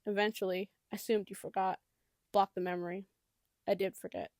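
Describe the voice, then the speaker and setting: A woman reading as a protective mother who refuses to show weakness. Her speech is measured and earnest, with a slight rasp of fry. The sound is close and dry, with no room around it. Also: mid-range voice, flat delivery, darkish tone, dry recording, natural voice. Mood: sorrowful. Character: worried mother, firm and protective.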